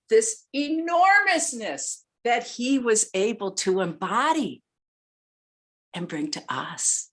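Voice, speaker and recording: A woman giving a heartfelt memorial tribute, teary and halting, pausing often as she searches for words. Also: on the low side. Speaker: student speaking at a memorial.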